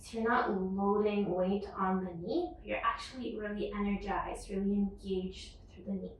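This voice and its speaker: A woman teaching a guided yoga class, calmly cueing each breath and movement. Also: mid-range voice, moderate pace, far from the mic, a little hiss or hum. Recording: echoey room, voice off-mic.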